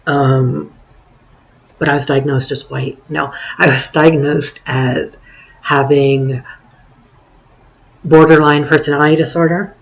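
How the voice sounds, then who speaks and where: A hoarse young man rambling through a personal story in a wry, self-deprecating way. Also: mid-range voice. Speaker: vlogger.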